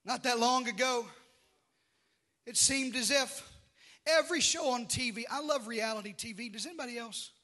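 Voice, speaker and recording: A man preaching a sermon with passion, swinging from drawn-out shouted phrases to hushed, quiet lines. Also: very high voice. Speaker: pastor.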